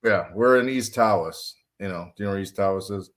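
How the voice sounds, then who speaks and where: A man's voice: on the low side, a little fast, a bit bright. Michigan guy, podcast guest, rambling storyteller who repeats himself a lot. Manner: rambling, repeats words, laughs at his own stories. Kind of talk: casual drinking-buddy storytelling.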